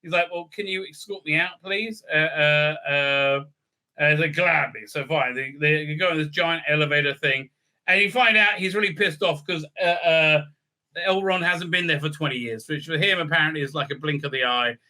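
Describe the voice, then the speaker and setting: A man's voice: fairly high pitch, moderate pace, pushed and bright. A man ranting sarcastically through a show recap, profane and rambling, with lots of fillers. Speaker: online video reviewer. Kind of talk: casual recap and review rant.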